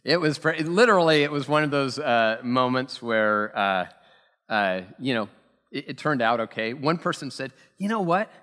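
Pastor preaching in a reverberant hall. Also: male voice, mid-range voice, normal speed, a bit bright, smooth. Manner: conversational, self-deprecating storytelling with many fillers. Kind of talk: sermon. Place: church sanctuary. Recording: long reverb from a church hall.

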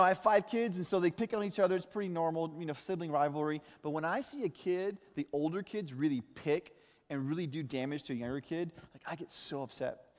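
A middle-aged man preaches from the pulpit, his voice sitting a little high for a man. He tells stories with animated energy and slips into quick impressions of other people. The long reverb of a church hall trails after his words. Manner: animated storytelling, mimicking voices. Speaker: pastor. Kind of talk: sermon.

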